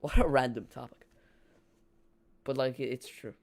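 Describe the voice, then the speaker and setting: A man's voice: mid-range voice, steady tone, moderate pace, creaky. A man hosting a live football watch-along, rambling and joking with his chat while calling the play.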